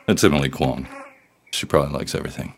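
A man's voice: rumbling low, quick pace. A man co-hosting a casual podcast, trading dry, sarcastic quips. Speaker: podcast co-host. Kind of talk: casual chat.

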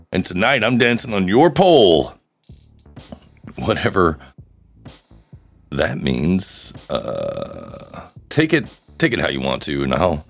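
A man with a low, deep voice hosts a solo live podcast, rambling casually and cracking crude jokes. His pitch swings around a lot as he talks, with faint music playing underneath. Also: creaky. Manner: joking, rambling, crude humor. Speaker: podcast host.

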